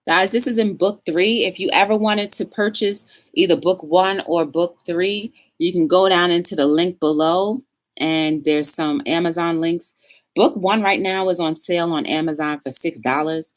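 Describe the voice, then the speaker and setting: A woman's voice: fairly low pitch, normal speed. A woman hosting a casual live-stream talk show, chatting straight to her viewers and reading quotes aloud with emphasis.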